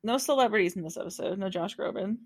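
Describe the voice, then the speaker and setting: A woman's voice: mid-range voice, fast, vocal fry, slightly rough. A young woman co-hosting a casual chat, talking loosely with many fillers and giggles, sleepy and hiccuping. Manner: laid-back, lots of fillers, giggly. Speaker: podcast co-host.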